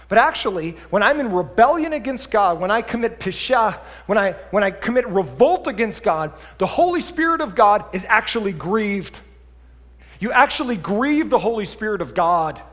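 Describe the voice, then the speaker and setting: A man preaching a sermon as pastor, lively and conversational, swinging between quiet asides and loud emphatic bursts. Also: high voice, moderate pace, big-room sound. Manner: animated preaching, drops to a quiet voice for acted asides then climbs loud. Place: church sanctuary.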